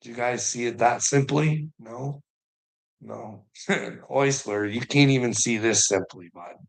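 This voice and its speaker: A man speaks at a slow, unhurried pace in a loose, rambling monologue. He chuckles between phrases, swears freely and keeps throwing out rhetorical questions. His voice sits at an ordinary middle pitch. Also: creaky. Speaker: channel host.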